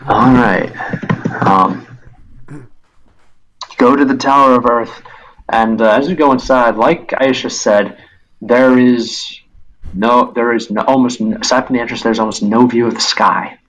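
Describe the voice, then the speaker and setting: A man's voice: medium pitch, fairly bright tone, dull audio, a little hiss or hum. Guy running d&d, describes stuff, lots of um and restarts. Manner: halting, restarts, describes scenes. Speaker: game master. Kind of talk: narrating a tabletop game.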